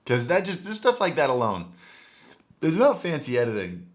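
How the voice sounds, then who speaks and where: A man's voice: a little high, wildly swooping pitch, normal speed. A man giving casual livestream commentary, thinking aloud and correcting himself as he talks. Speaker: livestreamer reacting to a video.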